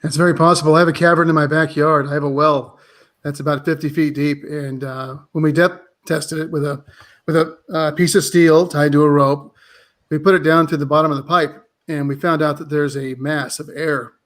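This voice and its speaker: A man's voice: a little high, little pitch movement, a little fast, a bit bright. A man talking as a guest in a casual chat, matter-of-fact.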